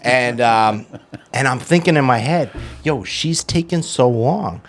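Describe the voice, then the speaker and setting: Animated man telling a story with swearing. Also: mid-range voice, a little slow, soft background music. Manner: animated, swearing, acts out quotes. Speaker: podcast co-host. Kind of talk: casual storytelling in recovery talk.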